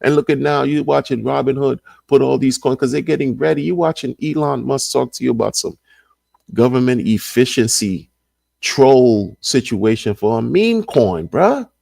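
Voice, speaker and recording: Gravelly, emphatic man hosting a livestream. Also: mid-range voice, moderate pace, a little mellow, no echo, studio quality. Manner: emphatic, repeats phrases, slangy. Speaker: crypto livestream host. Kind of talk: casual livestream commentary.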